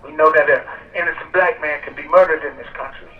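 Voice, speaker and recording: Male prison caller, measured speech, muffled phone line over outdoor speakers. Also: fairly high pitch, fairly even intonation, roomy sound, distant mic. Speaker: death row prisoner calling into a rally. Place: prison phone relayed to an outdoor park rally.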